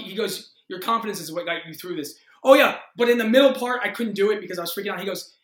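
A man in his thirties, an actor, telling a story in a casual interview with excited energy, acting out quotes and swearing freely. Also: sits high, quick pace, roomy sound. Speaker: actor guest.

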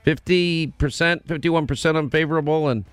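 A man's voice: a little high, brisk, clean tone, dry recording. A man hosting a talk radio show, bantering and teasing his staff in a brash, interrupting way. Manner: brash, teasing, talks over his cohost. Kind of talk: casual on-air banter.

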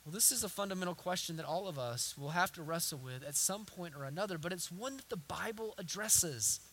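A man's voice: very high-pitched, pushed and bright. A man with a Southern accent preaching an earnest sermon, building to emphatic repetition. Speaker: pastor.

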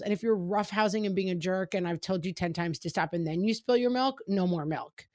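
Mom in her 40s-ish chatting casual, lower voice, no room sound, lots of quick little quotes. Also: no room sound, clean studio sound. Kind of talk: casual chat about parenting.

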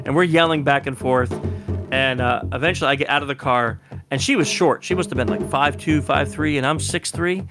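A man who works as a security consultant tells a lively story in an interview, laughing often and acting out the quotes. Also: medium pitch, fairly quick, over music.

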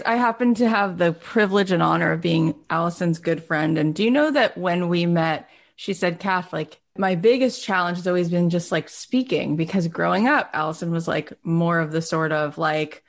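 A woman hosting a talk, effusive and praising, with lively swings in pitch. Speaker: host. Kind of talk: enthusiastic interview talk.

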